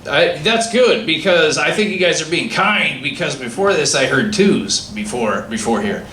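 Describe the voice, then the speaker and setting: A man doing a stand-up comedy set, telling a story with lively acted-out dialogue. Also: a little high, normal speed. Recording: echoey room with faint ambient noise.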